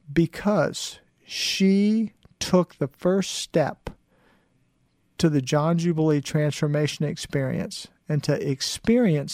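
A man hosting a motivational talk show, telling stories with animated quoted dialogue and frequent laughter. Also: fairly high pitch, no echo, studio quality. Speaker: show host.

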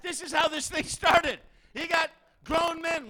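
A man preaching a sermon, telling a story dramatically and acting out the people in it, sometimes shouting. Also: very high-pitched, steady tone, normal speed, heavy background noise. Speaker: pastor.

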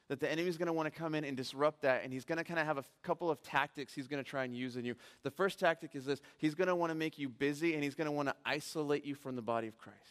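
A male pastor preaching a sermon in a church, telling stories with animation and putting earnest, direct questions to the congregation. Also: medium pitch. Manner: animated storytelling, rising to near shouting at emotional peaks. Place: church sanctuary.

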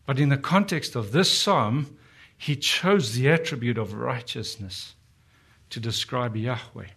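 Earnest preacher man pausing on scripture. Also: medium pitch, animated, gravelly, fairly bright tone, breathy edge. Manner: earnest, rhetorical questions to the congregation; slows down to dwell on scripture quotes. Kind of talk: sermon.

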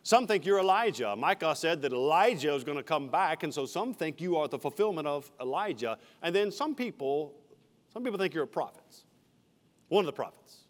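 A man's voice: on the high side, animated, fairly quick. A man, a senior pastor, preaching an expository sermon verse by verse, with friendly asides to the congregation. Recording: reverberant church hall.

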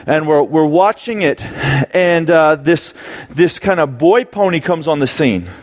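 A man in his thirties preaching casually to a live young adult crowd in a church auditorium. His voice sits fairly high and jumps well above it when he acts out what people said. He tells stories with lots of restarts and a lively, spoken feel. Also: measured pace. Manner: animated storyteller, acting out quotes, frequent restarts. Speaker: young adult ministry pastor. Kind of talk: conversational sermon with stories.

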